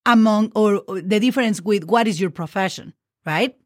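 A woman's voice: mid-range voice, moderate pace, dry recording, clean studio sound. Patient woman teaching a language lesson. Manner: patient, spells words letter by letter; frequent "okay?" check-ins. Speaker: Spanish teacher.

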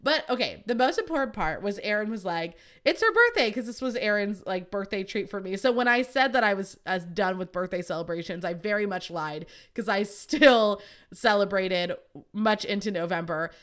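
A woman's voice: medium pitch, moderate pace. A young woman hosting a podcast, chatting casually, swearing freely and acting out what people said. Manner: chatty, swears freely, acts out quotes in a raised voice. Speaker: podcast host. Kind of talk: casual chat.

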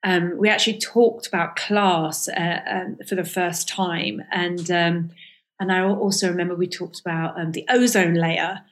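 A woman's voice: on the low side, steady tone, moderate pace. A middle-aged woman comedian guest recalling school days in a candid, hesitant way, with many restarts. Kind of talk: reflective casual interview talk.

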